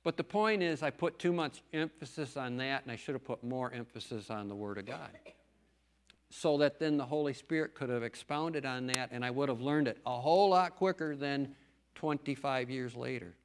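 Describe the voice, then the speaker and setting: A man's voice: medium pitch, normal speed, a little hiss or hum. A middle-aged man, a farmer and lay preacher, giving an earnest, folksy testimony talk in church with emphatic stresses.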